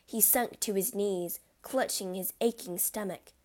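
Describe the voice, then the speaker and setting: A woman's voice: mid-range voice, unhurried, darkish tone. A woman reading a classic adventure story aloud as narrator, with a dramatic delivery.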